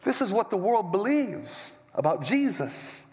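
A male pastor preaching a sermon in a church sanctuary, his slightly high voice swinging widely in pitch. He talks in an animated, emphatic way, throws in joking asides and walks around as he preaches, while a long hall reverb trails each phrase. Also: measured pace.

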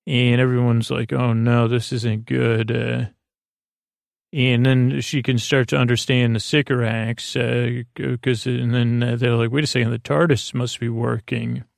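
Flat, gravelly man rambling sleepily. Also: medium pitch, no echo, studio quality. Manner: rambling and hesitant, frequent filler pauses. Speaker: podcast host. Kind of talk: sleep podcast episode recap.

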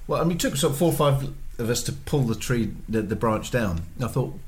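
An older man in a mid-pitched voice tells a long story at an easy pace, filling it with ums, uhs and restarts. He keeps to a relaxed family podcast chat. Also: fairly quick, few pauses. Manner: rambling anecdotes full of ums and restarts. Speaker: podcast co-host, father.

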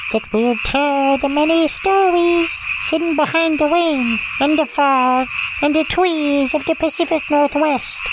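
A woman's voice: high-pitched, unhurried, background noise. A woman voicing an eager, childlike male forest creature who tells stories in a rambling, hesitant way full of ums. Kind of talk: comedic audio drama.

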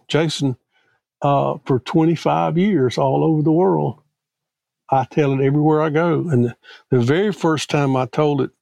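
A middle-aged man from Mississippi, appearing as a guest theologian on a podcast interview, tells a personal story in an earnest, halting way with frequent restarts. His voice is on the high side, a little mellow with vocal fry, in a dry recording.

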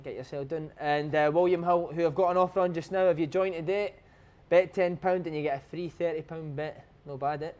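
Scottish male host, higher voice, banter-heavy, swears freely. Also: steady tone, brisk, darkish tone, lo-fi sound. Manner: cheeky, laughing banter with swearing. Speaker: podcast host. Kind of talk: casual chat.

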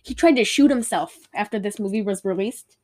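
A woman's voice: mid-range voice, brisk, mellow. A woman co-hosting a casual movie review chat, rambling and giggly with lots of fillers. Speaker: podcast co-host.

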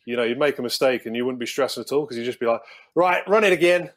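A man's voice: mid-range voice, little pitch movement, racing. A man in his thirties, a guest telling a rambling story, repeating himself and laughing at his own anecdotes. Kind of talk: casual storytelling.

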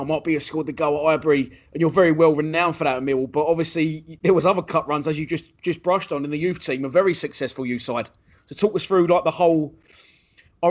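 Male host, quick and chatty interviewer, slightly high voice. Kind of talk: casual interview.

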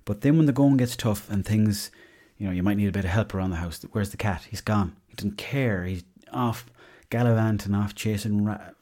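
Irish male podcast host, lower voice, casual yarn-spinner, salty language. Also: normal speed, warm tone. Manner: chatty, swears freely, tall-tale humour. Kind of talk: casual comic storytelling.

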